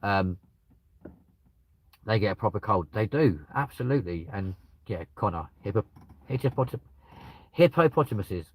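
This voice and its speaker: Crude joking man, lowish voice. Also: expressive, normal speed, long pauses. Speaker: livestreamer reading out chat. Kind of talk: casual chat. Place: at home with dogs nearby.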